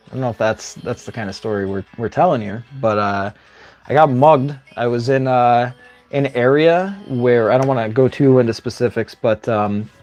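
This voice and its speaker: A man's voice: mid-range voice, a little mellow. Rambling male livestream host telling a story. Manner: rambling, tags lines with "right?". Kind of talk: casual storytelling.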